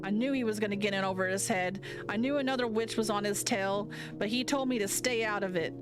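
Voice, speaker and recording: A woman's voice: mid-range voice, a little fast, music in the background, voice pushed up, close to an everyday voice. A woman reading a distraught, angry young man. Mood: anguished.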